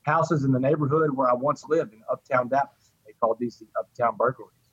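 A man's voice: medium pitch, a little fast, a bit bright, slightly rough, dry recording, dull audio. A middle-aged man telling his recovery story in an interview, heartfelt and repeating words as he goes. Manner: heartfelt, repeats words, addresses the host by name.

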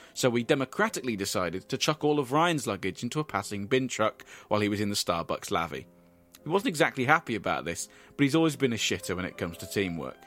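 Deadpan man telling absurd tales. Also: mid-range voice. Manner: dry, deadpan delivery of absurd stories with asides. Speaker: comedy podcast host. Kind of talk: deadpan comic storytelling.

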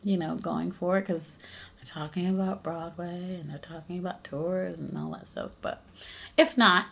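Speaking at normal speed in a lowish, gravelly voice, a young actress and singer from the United States recounts stories with animation during a casual interview chat, laughing often.

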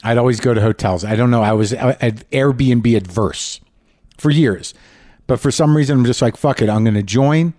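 A man from New Mexico hosting a show, talking in a candid, rambling way with halting restarts and a grieving, reflective tone. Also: medium pitch, a little mellow, no room sound, clean studio sound. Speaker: podcast host. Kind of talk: casual monologue.

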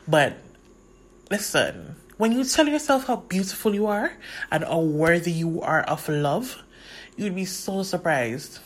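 A woman hosting a podcast, speaking earnestly and encouragingly to her listeners, slowing down on key words. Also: low-pitched. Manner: earnest, encouraging, slows down for emphasis. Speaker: podcast host. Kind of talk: motivational podcast talk.

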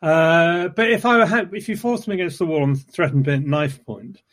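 Man, casual podcast host, rambling, self-deprecating, pitch jumping up and down. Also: moderate pace, a bit bright. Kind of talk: casual conversation.

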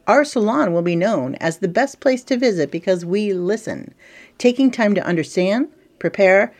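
A middle-aged woman talks through a casual business lesson, chatty and lively. Her voice sits a little low for a woman, and she slips in playful asides as she coaches. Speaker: marketing coach and podcast host.

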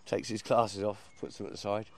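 A man telling an animated anecdote, acting out quotes and laughing as he goes. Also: on the low side, brisk, vocal fry, noisy background. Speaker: performer. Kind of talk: anecdote in casual chat.

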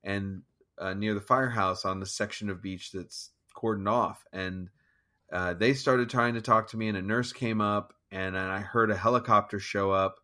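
A man telling a personal story in an interview, halting and restarting as he acts out his own thoughts. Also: on the low side, steady tone, pushed and bright. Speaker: guest musician. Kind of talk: conversational storytelling.

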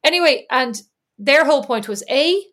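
A woman's voice: high-pitched, lively intonation, moderate pace, a bit bright. Woman, podcast co-host, rambling storyteller, fillers and asides. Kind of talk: casual chat. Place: lives in Indiana.

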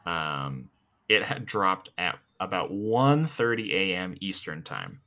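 A young man co-hosts a casual podcast chat in a fairly low voice with a bright, forceful edge. He tells his stories in an animated, blunt way and swears without holding back. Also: takes it slowly. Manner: animated storytelling, blunt and profane. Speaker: podcast co-host.

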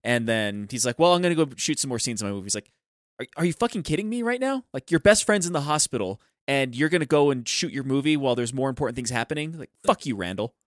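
Male podcast co-host, mid-pitched, rambling casual talk, dry sound. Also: lively intonation, fast talker, few pauses, no room sound. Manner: loose and rambling, heavy use of "like". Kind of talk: casual movie discussion.

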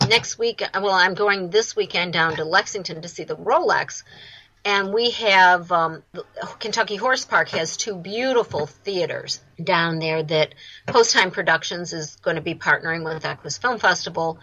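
A woman's voice: on the low side, normal speed, pushed and bright, muffled recording. A woman from the United States, a film festival founder, talking eagerly as an interview guest.

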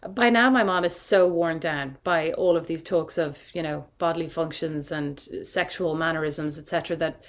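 A young adult woman talking as a podcast guest, telling family stories in an animated way and laughing often. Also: deep voice, normal speed, few pauses. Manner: animated storytelling with frequent laughter. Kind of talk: casual chat.

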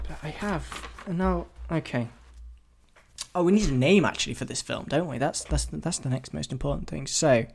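A man's voice: fairly high pitch, normal speed, vocal fry, darkish tone, slight background noise. Rambling man thinking aloud. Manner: rambling, self-deprecating, thinks aloud with many restarts. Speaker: podcast host. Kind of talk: solo casual podcast brainstorming.

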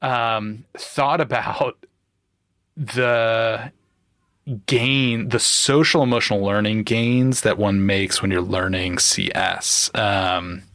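A man's voice: fairly low pitch, fairly even intonation, takes it slowly, a bit bright, no room sound, studio quality. A man hosting an interview, speaking reflectively and asking thoughtful questions. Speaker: host. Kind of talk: interview conversation.

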